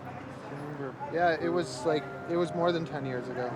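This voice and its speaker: A man cutting hair outdoors on a city sidewalk, speaking calmly in short, low-key replies. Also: moderate pace, a loud crowd. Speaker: street barber. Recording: loud street traffic noise. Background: street traffic.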